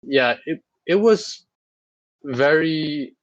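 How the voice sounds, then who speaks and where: A man's voice: on the high side, animated, extremely slow, no echo, highs cut off. A man co-hosting a podcast in casual chat, rambling and teasing his friends with frequent laughter. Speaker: podcast co-host.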